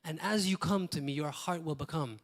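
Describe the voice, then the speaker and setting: A man's voice: fairly high pitch, brisk. A male pastor, preaching a sermon in a conversational way, with repeated phrases and short asides. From Malta.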